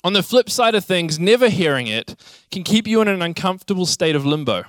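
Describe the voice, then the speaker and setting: Animated man preaching. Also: sits high, a little fast, no room sound, studio quality. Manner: animated storytelling, acts out childhood scenes. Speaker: pastor. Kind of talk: sermon.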